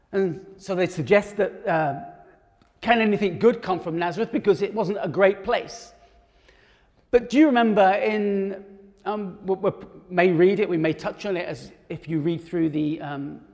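High-voiced preacher in a reverberant hall. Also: male voice, darkish tone. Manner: conversational, with fillers and restarts. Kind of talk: sermon.

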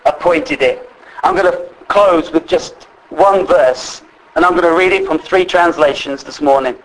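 A man preaching a sermon, earnestly slowing down to stress the scripture he reads. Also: high voice, a bit bright, rough recording.

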